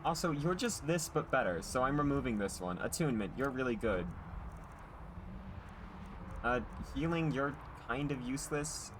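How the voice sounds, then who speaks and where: An excitable male streamer talking through a live game session. His pitch leaps all over the place, and he keeps bursting into loud, high exclamations and swearing. A faint hiss of noise sits behind his voice. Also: normal speed. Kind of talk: live gameplay commentary.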